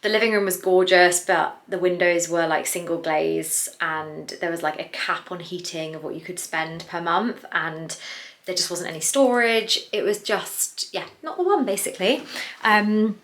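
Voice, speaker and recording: A woman, chatting casually to camera from her bedroom and thinking out loud. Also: fairly low pitch, normal speed. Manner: chatty, rambling, self-questioning. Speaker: lifestyle vlogger.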